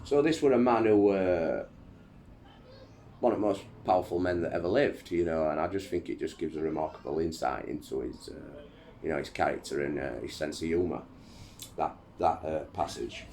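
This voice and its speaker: A man with a deep, low voice reads a history book aloud at home, breaking off for chatty, rambling asides full of fillers. A faint hiss runs under the recording. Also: normal speed, mellow. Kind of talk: casual reading aloud with asides.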